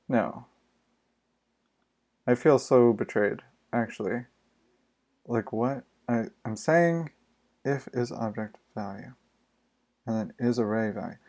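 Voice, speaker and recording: A man's voice: mid-range voice, darkish tone. A man live-streaming himself programming, muttering his thoughts aloud in a casual, exasperated way and swearing freely.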